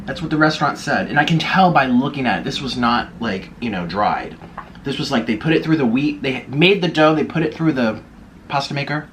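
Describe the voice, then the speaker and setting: A man's voice: mid-range voice, lively intonation, a little fast, a bit bright, a little hiss or hum. Gushing man talking between bites. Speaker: YouTuber. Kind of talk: mukbang eating vlog chatter. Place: indoors by a window in a city apartment.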